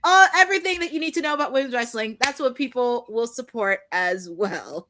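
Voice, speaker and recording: A woman co-hosting a wrestling podcast, chatting casually and rambling with quick self-corrections. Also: on the high side, animated, pushed and bright, slight background noise. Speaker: podcast co-host. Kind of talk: casual chat.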